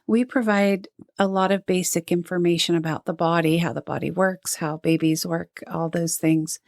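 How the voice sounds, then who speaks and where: A woman's voice: on the low side, fairly even intonation, moderate pace, vocal fry, darkish tone, dry recording, studio quality. An older woman, a retired nurse, talking earnestly in a podcast interview and telling stories from her work. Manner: earnest, storytelling, mimics moms she quotes. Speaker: guest, retired NICU nurse and lactation counselor.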